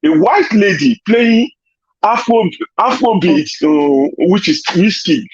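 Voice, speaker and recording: Nigerian man, high-pitched husky voice, rambling anecdotes with "you know" fillers, dry lo-fi call sound. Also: expressive, slow, dry recording. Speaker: panel guest. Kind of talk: casual online panel chat. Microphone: video call.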